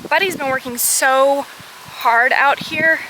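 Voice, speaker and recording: A woman, chatting excitedly as she walks her garden for a homesteading vlog, gasping at her finds. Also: high voice, slow, heavy background noise. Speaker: homesteading vlogger. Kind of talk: casual walk-and-talk vlog. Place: outdoors in a rural garden. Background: outdoor ambience, rustling leaves, animals.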